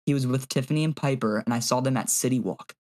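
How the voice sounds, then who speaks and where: A young man co-hosting a podcast, telling a story in an animated, casual way with plenty of "like" and swearing. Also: mid-range voice, fast talker. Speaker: podcast co-host. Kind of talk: casual chat.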